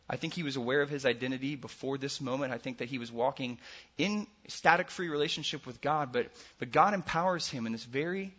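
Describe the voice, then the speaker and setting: A man preaching a sermon as a pastor, earnest, with his voice swinging between loud emphasis and soft hushed passages. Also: mid-range voice, brisk, dull audio.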